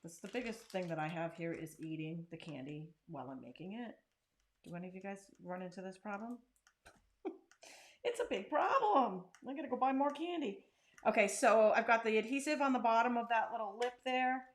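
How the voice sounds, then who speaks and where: A woman's voice: medium pitch, fairly quick, a little hiss or hum. A woman hosting a casual crafting tutorial, chatting and joking while she works. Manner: chatty and self-deprecating, talks while working. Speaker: craft channel host.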